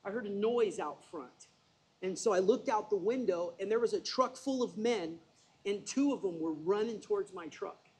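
A man with a slightly high, husky voice preaches by telling a story from his own life. He talks in a loose, conversational way, full of energy, and pokes fun at himself as he goes. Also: moderate pace, poor audio. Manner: animated, conversational storytelling with self-deprecating asides. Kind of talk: sermon storytelling.

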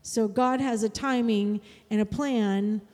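A woman telling a personal faith testimony in an earnest, chatty way, with small restarts and soft laughs. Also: fairly high pitch, steady tone, slow. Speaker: guest sharing a testimony. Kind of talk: casual testimony storytelling. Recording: long hall reverb.

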